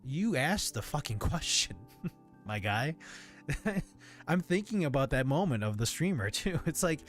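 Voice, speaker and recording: A man's voice: medium pitch, very animated, normal speed, faint music behind. A man talking casually on his livestream, reading out viewer comments and answering them candidly, now and then swearing. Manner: candid and conversational, often swears.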